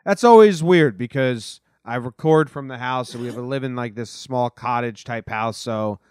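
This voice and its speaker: A man's voice: mid-range voice, normal speed, darkish tone, clean tone, dry recording, clean studio sound. A man hosting a casual podcast chat from his small house, rambling in an easygoing way. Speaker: podcast host.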